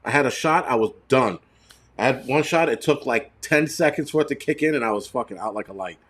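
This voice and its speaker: A man's voice: medium pitch, expressive, brisk, a bit bright, husky. A middle-aged man hosting a casual livestream, answering viewers in a blunt, profane, rambling way. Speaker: channel host.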